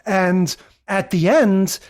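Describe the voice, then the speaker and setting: A man co-hosting a podcast, casually recapping an old sitcom episode in a wry, relaxed way, chuckling as he talks. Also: high voice, extremely slow. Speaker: podcast co-host.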